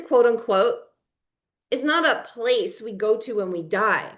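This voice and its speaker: A woman coach speaks slowly, leaving long, weighty pauses between her phrases. Her voice sits fairly high, and she leans hard on single words to drive each point home. She teaches with a spiritual bent. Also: fairly bright tone. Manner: deliberate and emphatic, stressing single words. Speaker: life coach. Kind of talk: teaching a live coaching session.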